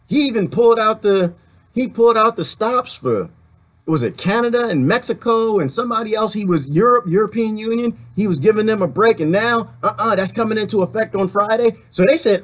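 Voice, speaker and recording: Casting note: man, slightly high voice, animated rambling political rant to camera, laughs easily. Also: moderate pace. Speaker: vlogger.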